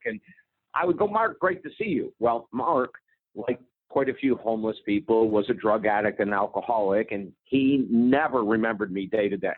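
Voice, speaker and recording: A man, a guest author, telling a story with lively energy in an interview. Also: medium pitch, a little fast, husky, no room sound. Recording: tinny phone line, dry.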